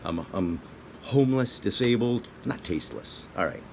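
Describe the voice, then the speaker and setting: A man's voice: lowish voice, lively intonation, normal speed, vocal fry, a little mellow, a little hiss or hum. A middle-aged man from the United States talking casually to camera, rambling and drifting off on tangents. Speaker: vlogger.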